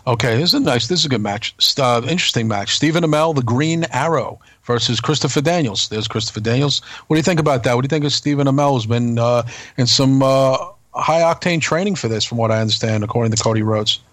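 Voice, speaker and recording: A man's voice: medium pitch, fast, fairly bright tone, no echo. A man co-hosting a casual wrestling chat podcast, hesitant, with many restarts and fillers. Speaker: podcast co-host.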